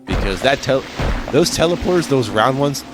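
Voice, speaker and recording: Lively, rambling gaming commentator man. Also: mid-range voice, normal speed. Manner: jokey, rambling, swears freely. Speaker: let's play host. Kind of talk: casual gameplay commentary. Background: game music.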